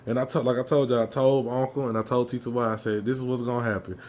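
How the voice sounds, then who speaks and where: A man telling a fired-up story from a football game he attended, his voice a little hoarse, swearing freely and jumping into loud reenactments. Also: medium pitch, level tone, very fast. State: slightly hoarse. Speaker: fan commentator. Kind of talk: casual fan rant.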